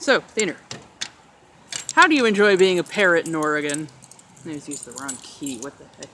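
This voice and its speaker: Out on a rainy street with a handheld camera, a woman vlogger chats to her parrot in a sing-song pet voice. Her low, slightly bright voice is very animated at normal speed, with a little hiss or hum.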